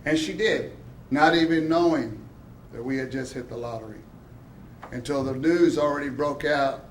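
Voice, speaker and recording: A man telling his story at a press event, excited and laughing, acting out the voices of the people he quotes. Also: medium pitch, moderate pace, far from the mic, a little hiss or hum. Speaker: lottery winner at a check presentation. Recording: echoey room.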